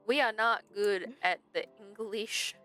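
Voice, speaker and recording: Bright, playful woman gamer. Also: mid-range voice, steady tone, a little slow, faint music behind. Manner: self-mocking, playful. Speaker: game streamer and narrator. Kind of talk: casual gameplay chat and narration.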